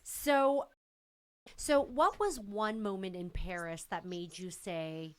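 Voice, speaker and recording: A woman's voice: mid-range voice, slow. Woman podcast host, casual chat, reacts a lot, asks questions.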